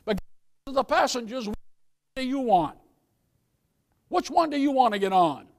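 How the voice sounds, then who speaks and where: A man's voice: very high-pitched, big pitch swings, a little slow, gravelly. A man pastor preaching a sermon in church with folksy humor, often putting questions to the congregation.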